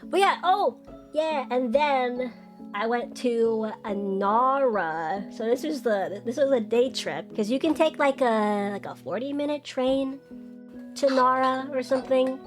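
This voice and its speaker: A woman's voice: sits high, lively intonation, unhurried, soft background music. A young woman streaming, chatting casually and bubbly, jumping up into squeals when she greets her chat.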